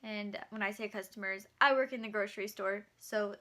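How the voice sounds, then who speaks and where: Bright-voiced young woman telling stories. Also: mid-range voice, a little fast. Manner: animated, chatty, swears freely. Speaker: vlogger. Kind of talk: casual storytelling.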